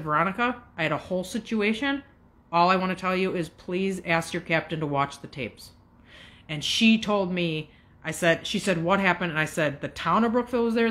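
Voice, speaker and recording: A woman's voice: lowish voice, fairly bright tone. A woman in her fifties telling a long, agitated story straight to her viewers, swearing and jumping between asides. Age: 50s. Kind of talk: casual rant to camera.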